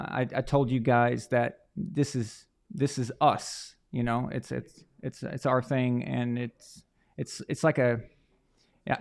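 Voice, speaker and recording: A man at an everyday middle pitch hosts a football watch-along stream. He chats loosely with his viewers and keeps tripping over his own words as he goes. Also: creaky. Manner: chatty, rambling with frequent restarts. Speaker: live stream host. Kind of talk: casual live stream chat.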